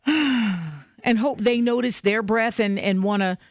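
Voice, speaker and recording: A woman co-hosting a casual podcast chat, expressive and animated as she tells stories. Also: on the high side, slow pace, dry recording, clean studio sound. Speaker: podcast co-host.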